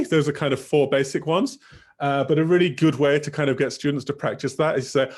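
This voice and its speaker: A man's voice: fairly high pitch, fairly even intonation, fairly quick. A young man giving a teacher-training talk over a video call, casual and rambling with many fillers. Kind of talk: online workshop talk.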